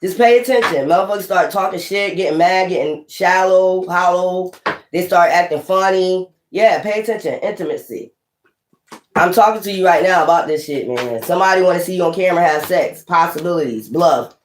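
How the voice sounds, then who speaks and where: A woman's voice: fairly low pitch, fairly quick. Cussing tarot lady talking straight to camera, calls out cards one by one, roomy echo. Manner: blunt and profane, calling out card words one by one. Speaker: tarot reader. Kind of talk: casual tarot reading to camera. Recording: echoey room.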